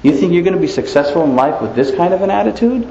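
A man giving an animated religious lecture, often asking rhetorical questions and chuckling, in a roomy, slightly dull recording. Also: high-pitched, fast talker, creaky, slight background noise. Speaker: Islamic preacher.

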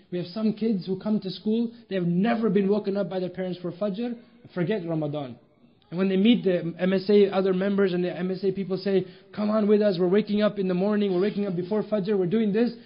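A man with a notably high voice delivers a sermon, driving his points home with emphatic rhetorical questions and stories. The recording sounds dull and lo-fi. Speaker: preacher.

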